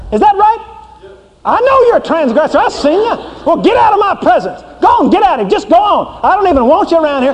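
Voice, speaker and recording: A man voicing a stern holy male God who scolds and banishes a sinner, shouting often. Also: very high-pitched, voice pushed up. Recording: reverberant hall, faint noise.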